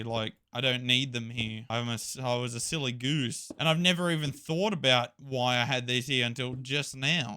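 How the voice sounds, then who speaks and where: A man giving casual, jokey commentary while playing a video game, thinking aloud and getting excited. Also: mid-range voice, clear, resonant tone. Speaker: Minecraft YouTuber.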